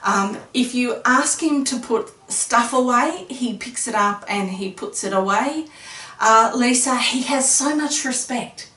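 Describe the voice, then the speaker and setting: Woman interviewer, slightly high voice, leads and affirms the guest. Recorded off-mic in an echoey room. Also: unhurried, pushed and bright, recorded from a distance. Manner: leading, affirming questions. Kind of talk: casual interview.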